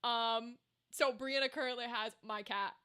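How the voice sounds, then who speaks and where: A woman's voice: on the high side, steady tone, measured pace, pushed and bright, smooth. A young woman voice actor chatting casually with her chat on a live stream at home, rambling and reacting to messages. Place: home room with a table setup. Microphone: desk microphone.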